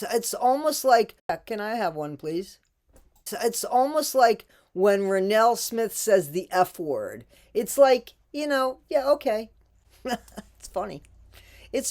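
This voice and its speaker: Drawling, lively American woman. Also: a little high. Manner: sarcastic, mocking asides. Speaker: reaction video creator. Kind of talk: casual commentary on a TV clip.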